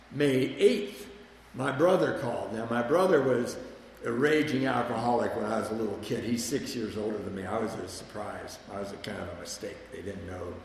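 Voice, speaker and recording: A man's voice: fairly low pitch, slight background noise. A man telling a candid, self-mocking personal story about his past drinking, with wry humor. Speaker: speaker sharing a recovery story. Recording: echoey hall with long reverb.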